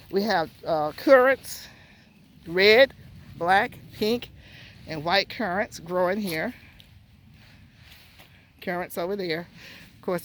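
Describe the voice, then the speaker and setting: A gardening vlogger giving a casual, rambling walking tour of a garden outdoors, out of breath and pausing to recall plant names. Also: medium pitch, a little hiss or hum.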